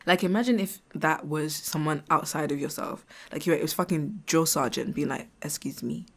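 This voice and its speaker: A woman's voice: low voice, normal speed. A woman in her twenties hosting a casual reflective solo podcast. She talks frankly and chattily, swears, and laughs often. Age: 20s. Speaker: podcast host.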